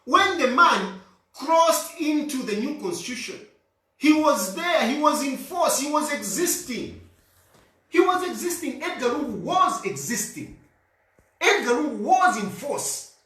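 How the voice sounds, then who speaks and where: A man's voice: extremely high pitch, pushed and bright, far from the mic. A Zambian man giving an insistent political monologue, repeating his points over and over for emphasis. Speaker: political commentator. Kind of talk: argumentative monologue. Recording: echoey room, voice off-mic.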